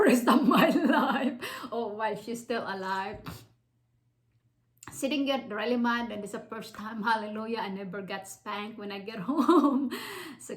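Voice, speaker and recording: A woman's voice: mid-range voice, low-quality recording. A woman from the Philippines with a Filipino accent, casually telling a personal story in a rambling way with many fillers and restarts.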